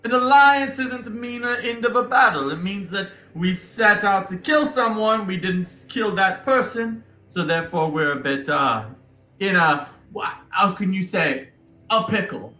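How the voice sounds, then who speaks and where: A man's voice: high-pitched, a little slow, bright, forceful tone, reverberant, voice pushed up. A man voicing a cheery lanky male dwarf with a hammy put-on Italian accent. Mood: playful. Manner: boisterous, exaggerated comic accent, laughing.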